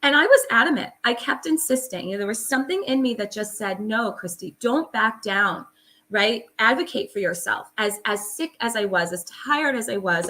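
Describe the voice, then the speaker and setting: A woman's voice: on the high side, bright, forceful tone. A middle-aged woman, a holistic psychologist, telling her story as an interview guest in an earnest, emphatic way with many fillers.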